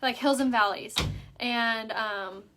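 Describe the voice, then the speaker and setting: A woman's voice: a little high, slow pace, fairly bright tone, a little hiss or hum. A young woman from San Diego hosting a casual makeup livestream at home, rambling in chatty talk full of "like" fillers. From San Diego, California.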